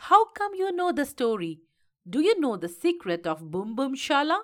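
A woman's voice: high voice, big pitch swings, normal speed. A woman voicing a brave, tenacious young boy in a storybook reading, speaking earnestly.

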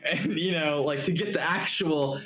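A man's voice: a little high, normal speed, fairly bright tone. A young man rambling and laughing in drunk, swearing podcast banter, recorded in an echoey room. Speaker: podcast co-host. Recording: echoey room with faint ambience.

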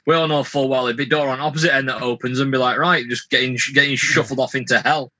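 Bright-voiced stammering podcast man. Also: medium pitch, fairly even intonation, fast talker, no echo. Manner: stammering repeats, joking. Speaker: podcast co-host. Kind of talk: casual podcast banter.

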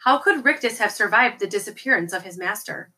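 A woman reading a novel aloud as an audiobook, in a steady storytelling manner. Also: medium pitch, fairly quick, low-quality recording. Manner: steady storytelling with occasional slips and restarts. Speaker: audiobook reader.

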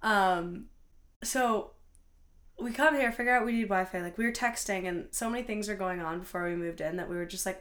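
A young college woman co-hosting a casual podcast from her bedroom. She rambles through a long story and acts out the people she quotes, and her voice sits at an ordinary middle pitch. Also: moderate pace. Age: young adult. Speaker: podcast co-host. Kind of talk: casual chat. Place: bedroom in a student house.

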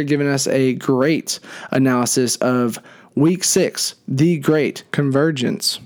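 A man's voice: medium pitch, a little mellow, smooth. A young man hosting a casual fantasy league podcast, talking in hyped, rambling bursts. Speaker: podcast host.

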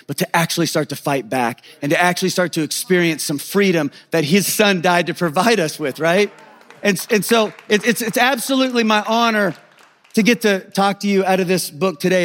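Earnest confessional male pastor. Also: fairly high pitch. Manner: earnest, confessional, many stammered restarts. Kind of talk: sermon with personal testimony.

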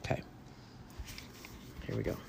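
A man's voice: unhurried, background noise. A man hosting a podcast, casually telling a ghost story to his listeners in a rambling way full of fillers and the odd swear word. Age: adult parent. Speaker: podcast host.

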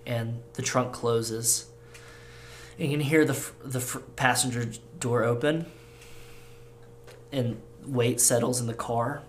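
A man as game master, narrating a tabletop role-play scene in a slow, halting, descriptive way. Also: medium pitch, steady tone, slight background noise.

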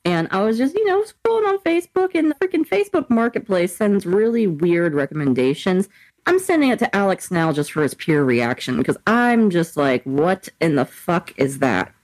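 A woman's voice: fairly low pitch, big pitch swings, moderate pace, a little mellow, dry recording, low-quality recording. A young millennial woman co-hosting a casual podcast, teasing and crude, laughing often. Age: young adult. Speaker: co-host.

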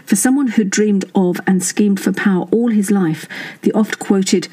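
A woman's voice: mid-range voice, fairly even intonation, moderate pace, dark tone, husky, rough recording. A woman narrating a satirical serial story in a wry, dry manner, voicing the dialogue herself.

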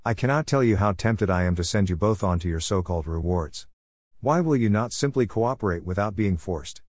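A stiff, formal angel of death who lectures everyone with lofty correctness, as a male storyteller puts him on. His voice sits a touch higher than the reader's own low register, dry and close with no room around it. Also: lively intonation, fairly quick, darkish tone, dry recording. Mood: stern.

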